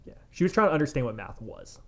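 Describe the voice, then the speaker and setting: A young adult man, a tattoo artist co-hosting a podcast, tells a story in casual chat, speaking at a quick pace in a voice on the high side. He's animated and laughing, with lots of "like" and swearing.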